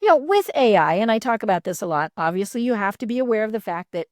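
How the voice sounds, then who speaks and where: A middle-aged woman hosting a casual interview, chatty and animated, laughing often and filling pauses with "you know". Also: medium pitch, no echo, studio quality.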